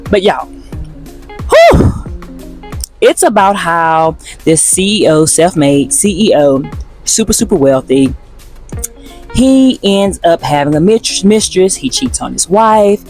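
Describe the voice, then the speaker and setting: A woman's voice: lowish voice, lively intonation, measured pace, darkish tone, faint music behind. A woman giving a chatty vlog review, addressing her viewers as y'all. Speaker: vlogger reviewing shows.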